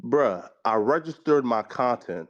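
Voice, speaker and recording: A man in casual podcast chat, talking at a middling pitch. He rambles, circling back on himself with filler words and plenty of slang and profanity. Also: animated, measured pace, muffled recording. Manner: rambling, full of fillers like "right" and "you feel me". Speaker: guest on a podcast panel.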